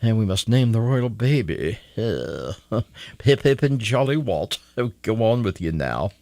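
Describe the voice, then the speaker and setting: A man's voice: lowish voice, very animated, a little slow, mellow, no echo. A man putting on a plummy mock-Brit. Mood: mock-posh. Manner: affected, plummy, mocking. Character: mock-posh British royal-watcher, male, fussy.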